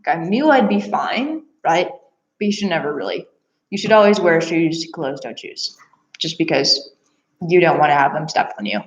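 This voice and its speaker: A young woman telling a personal story casually, animated, with frequent laughs and fillers. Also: low voice, moderate pace. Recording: echoey room, dull lo-fi sound.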